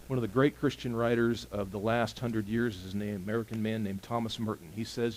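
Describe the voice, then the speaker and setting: A male pastor giving a sermon in an animated storytelling style, moving between loud emphasis and hushed lines. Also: fairly low pitch, brisk, few pauses, rough recording.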